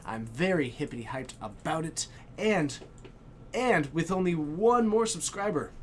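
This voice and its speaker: Man, stream host, hyped and exclamatory, fairly high voice, faint hiss behind. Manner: hyped, exclamatory, shouts in bursts. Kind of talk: excited live-stream chat.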